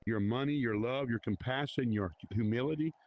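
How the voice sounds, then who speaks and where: A man's voice: medium pitch, normal speed, heavy background noise. A man leading an informal Bible study in a virtual reality church, talking conversationally and challenging his listeners.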